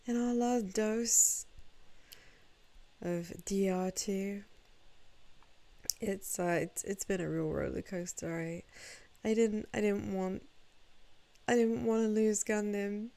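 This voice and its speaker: Slow, creaky-voiced sleepy woman streamer. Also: mid-range voice, warm tone. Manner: playful, self-mocking, chats with viewers. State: sleepy, groggy. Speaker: VTuber streamer. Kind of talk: casual live-stream chat while gaming.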